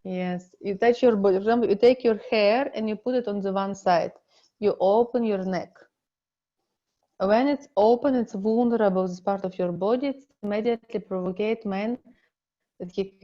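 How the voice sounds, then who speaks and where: A middle-aged woman with a Russian accent teaching an online relationship seminar in slow, halting, non-native English. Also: medium pitch, warm tone, highs cut off. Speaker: relationship coach.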